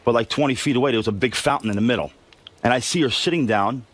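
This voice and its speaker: A man's voice: mid-range voice, fast talker, dry recording. A middle-aged man telling a brash story as a radio show guest, swearing freely.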